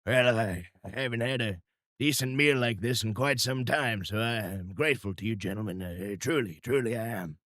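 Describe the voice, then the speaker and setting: A man's voice: medium pitch, normal speed, fairly bright tone, no echo, studio quality, lightly acted. Old Gus, a man putting on a folksy old frontiersman. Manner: folksy, rambling, grateful.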